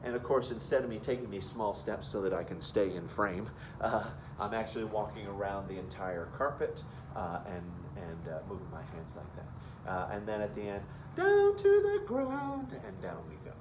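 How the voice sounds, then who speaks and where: A low-voiced man walks through a classroom parachute activity in a halting way, full of fillers, now and then calling out or singing cues loudly. He sounds set back from the mic in an echoey room with faint background noise. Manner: demonstrating with sudden loud sung and called-out cues. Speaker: music teacher. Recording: roomy echo from a distance.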